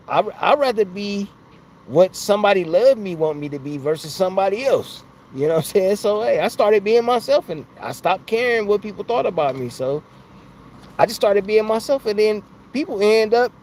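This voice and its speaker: A man's voice: sits high, a little mellow, slight background noise. A man hosting a casual live stream from outside his home, talking into a phone in a rambling, slangy way and laughing often. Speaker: livestream host.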